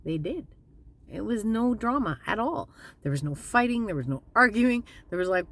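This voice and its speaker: A woman giving a casual, candid motivational talk as a spiritual vlogger, plainspoken and slowing down to stress her points. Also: on the low side, big pitch swings, slight background noise.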